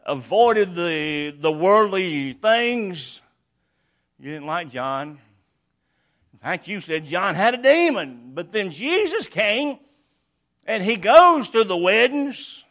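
A man preaching a sermon, explaining a scripture passage verse by verse and acting out its quotes with sudden loud bursts. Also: high-pitched.

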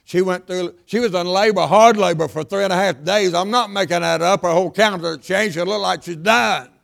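Gravelly older preacher. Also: male voice, high-pitched, a little fast. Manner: emphatic, repetitive preaching with sudden loud and hushed lines. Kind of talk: sermon.

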